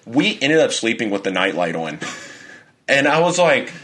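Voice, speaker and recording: Young man telling a story with animated energy. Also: mid-range voice, moderate pace. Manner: animated storytelling, heavy swearing. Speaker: podcast co-host. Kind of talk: casual chat.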